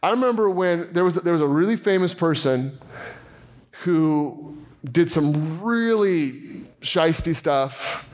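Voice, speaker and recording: Guy pastor giving a sermon, chatty and animated, acts out little voices, kinda high-ish voice.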